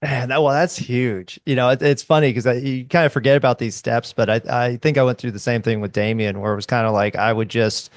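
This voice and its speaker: A man's voice: mid-range voice, steady tone, fairly quick, few pauses, no echo, clean studio sound. A man hosting an interview, a father of an autistic son, affirming his guest and asking open follow-up questions. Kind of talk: conversational interview.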